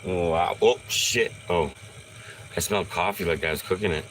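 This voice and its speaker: A man casually chatting on a live stream, slow and easygoing, sometimes cooing to his dog. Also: deep voice, fairly bright tone, slight background noise.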